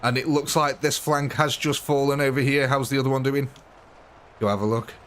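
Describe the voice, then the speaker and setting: A man's voice: mid-range voice, fairly even intonation, brisk, fairly bright tone. Chatty man streaming a game. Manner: chatty, amused, thanks viewers and answers chat. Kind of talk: live gameplay commentary.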